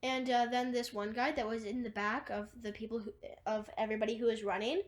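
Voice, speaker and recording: A woman's voice: a little high, little pitch movement, a little fast. A woman casually retelling a movie plot, rambling through long chains of "and then" and fillers, with wry asides. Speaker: movie recapper.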